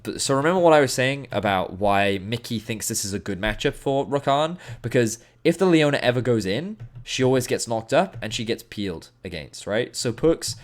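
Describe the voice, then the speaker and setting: A man giving an animated, emphatic game review commentary as an esports analyst, with playful asides. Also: medium pitch.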